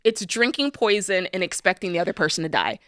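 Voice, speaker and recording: Woman co-host, emphatic, animated, bright voice, dry studio sound. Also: fairly low pitch, quick pace, no room sound. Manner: animated, emphatic, says "like" and "listen" often. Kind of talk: casual talk show chat. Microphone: studio microphone.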